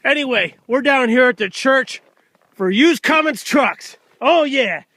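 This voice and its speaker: A man giving a loud, excitable, folksy sales pitch outdoors while walking around a truck for sale. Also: measured pace, no room sound. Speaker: used truck dealer. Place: outdoors by a truck in freezing cold. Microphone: handheld camera filmed by a helper.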